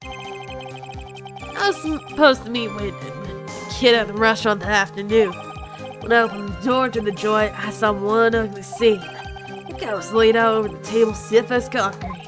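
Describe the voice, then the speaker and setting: A woman voices game text in a playthrough, playing a bullying male mobster lobster with blustering tough-guy slang. Her put-on Brooklyn accent slips southern, and her mid-range voice, close to everyday, keeps a measured pace over background music.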